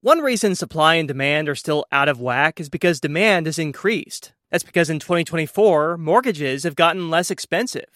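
A man radio reporter narrating a scripted economics news story in a measured way. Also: on the high side, animated, a bit bright, no echo, studio quality.

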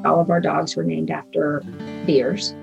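A woman with a fairly low voice tells her story in an interview. She speaks in an earnest, emotional way. Soft music plays underneath. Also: level tone, measured pace, vocal fry. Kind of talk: personal recollection in an interview.

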